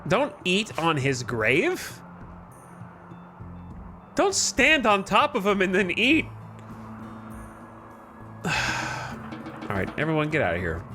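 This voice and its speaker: A scolding, theatrical gang boss with a put-on Birmingham accent, voiced high above the performer's usual pitch, as a man puts him on. He delivers a loud, grandiose eulogy with swooping intonation. Faint music runs underneath. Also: wildly swooping pitch, takes it slowly, pauses often, full character voice. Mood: impassioned eulogy.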